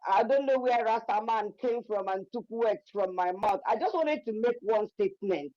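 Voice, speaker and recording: A woman's voice: medium pitch, moderate pace, dark tone, dry recording. A woman speaking as a caller, greeting everyone politely before her speech. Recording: dull dry call audio.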